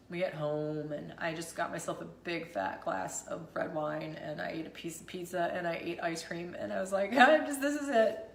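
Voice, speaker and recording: A woman's voice: lowish voice, creaky, a bit bright, echoey room, a little hiss or hum. A woman in her thirties, a mother vlogging about a hard day, emotional and rambling, teary and laughing at herself. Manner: tearful, rambling, self-deprecating, laughs through it. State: teary after crying. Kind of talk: emotional personal vlog.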